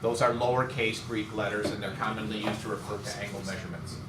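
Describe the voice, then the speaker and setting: A man's voice: on the low side, flat delivery, quick pace. A man teaching a math class, joking and teasing his students as he works through problems. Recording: echoey classroom, some noise.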